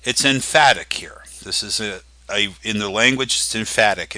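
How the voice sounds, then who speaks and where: A man preaching a sermon as pastor, teaching with emphatic, slowly stressed phrases. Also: on the low side, sharp tone, no room sound.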